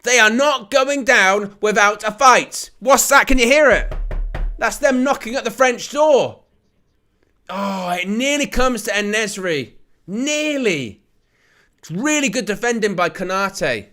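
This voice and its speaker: A man hosts a live football watch-along, calling the play with a high, bright voice. He jokes with his viewers and laughs often, then rises to excited shouts when a chance goes close. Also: slow pace. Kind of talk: live play-by-play commentary and chat.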